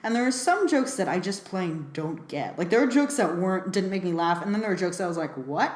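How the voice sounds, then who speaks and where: A woman's voice: lowish voice, expressive, fast talker, a little mellow. Chatty woman reviewing a film, roomy sound. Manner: chatty, full of fillers, laughs often.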